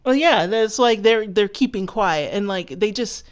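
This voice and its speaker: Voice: mid-range voice, normal speed, smooth, dull audio. A co-host in a casual anime discussion who laughs often and chimes in with wry remarks. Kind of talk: casual chat.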